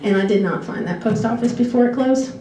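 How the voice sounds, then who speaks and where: A woman's voice: fairly high pitch, brisk, mellow. A woman telling personal stories in a chatty way, wandering off on tangents and laughing often. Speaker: former exchange student telling stories. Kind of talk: casual storytelling talk. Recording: echoey room, distant mic, faint background hiss.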